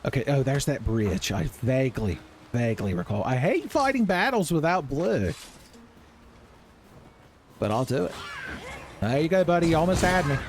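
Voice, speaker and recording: A man giving loud, profane, joking commentary while playing a video game. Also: medium pitch, sing-song, moderate pace, long pauses, background noise. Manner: loud, profane, jokey, yelling at enemies. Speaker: gaming streamer. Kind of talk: casual gameplay commentary. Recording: gameplay music behind voice.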